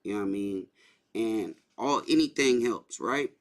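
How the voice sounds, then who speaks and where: A man's voice: lowish voice, moderate pace. A man hosting a casual livestream, talking loosely and repeating his points. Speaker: livestream host.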